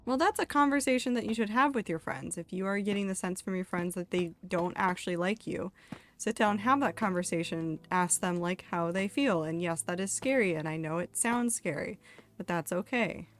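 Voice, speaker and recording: A woman's voice: fairly low pitch, normal speed. A young woman streamer chatting candidly while she plays, swearing casually and reading chat messages aloud. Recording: faint music behind.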